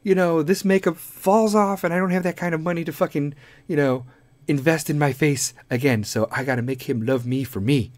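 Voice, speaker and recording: A man's voice: on the high side, fairly quick, a little mellow, no room sound, lightly acted. A man voicing an anxious young woman who frets about her fading makeup, in a slightly raised voice. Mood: fretful.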